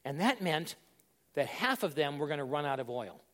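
A male pastor preaching a sermon in a plain, conversational way, asking his listeners rhetorical questions, sometimes loud and sometimes hushed. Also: on the high side, very animated, normal speed.

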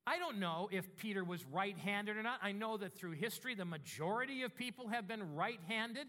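A male pastor preaching a sermon in a conversational, animated, self-deprecating way. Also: high voice, fairly quick, hardly any pauses.

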